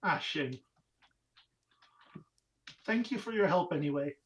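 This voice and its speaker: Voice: mid-range voice, lively intonation, slow pace, recorded from a distance, poor audio. Polite hesitant player in character. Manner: polite, hesitant, laughs often. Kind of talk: playing a tabletop game in character.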